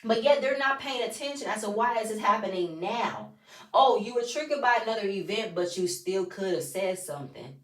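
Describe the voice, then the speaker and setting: A woman's voice: medium pitch, animated, normal speed. A woman giving a casual recap of a reality TV episode, blunt and profane with sassy asides. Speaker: reality TV reviewer. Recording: roomy, voice from a distance.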